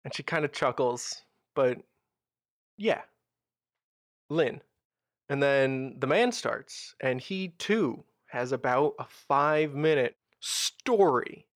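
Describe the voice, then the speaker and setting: A man narrating a tabletop role-playing game as game master, with measured, descriptive storytelling. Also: mid-range voice, lively intonation, no echo, clean studio sound.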